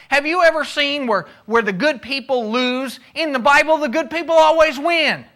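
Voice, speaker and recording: Guy teaching bible class, high bright voice, chatty, acts out the quotes. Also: lively intonation, normal speed, few pauses. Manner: conversational, takes audience questions.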